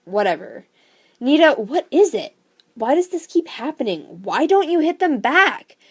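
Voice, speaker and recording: A woman's voice: a little high, a little fast, a little mellow, close to an everyday voice. A woman reading a worried, stern father. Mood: concerned.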